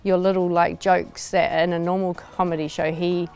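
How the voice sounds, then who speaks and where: A woman's voice: lowish voice, little pitch movement, normal speed, darkish tone, smooth, faint music behind. A woman speaking in an interview, matter-of-fact and fond of her husband. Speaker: interviewee, wife.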